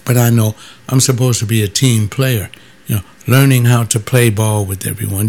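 Speaking at a moderate pace with a steady, slightly mellow tone, a man who used to be a pastor recounts stories casually. He's blunt and emphatic, and his voice leaps higher when he quotes other people.

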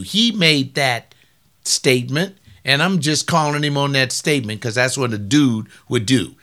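Brief: male pastor on a webcast, blunt scolding sermon, bright forceful tone. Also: medium pitch. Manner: blunt, combative preaching with rising outbursts.

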